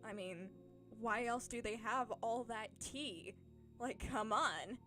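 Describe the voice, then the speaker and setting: A young woman hosting a casual livestream, chatting in a put-on posh British English accent; chatty, quick to laugh and often restarting her sentences. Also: fairly high pitch, sharp tone, faint music behind. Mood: amused. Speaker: channel host answering chat questions.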